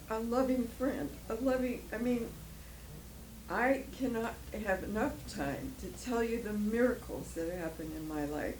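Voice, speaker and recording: An older woman speaks slowly as a church guest speaker, telling her personal story with emotion. She rambles a little and laughs often, her voice sitting at a middle pitch. The room rings with echo and a faint hiss sits under her voice. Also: a little mellow. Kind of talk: personal testimony talk. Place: church hall. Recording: echoey room, faint noise.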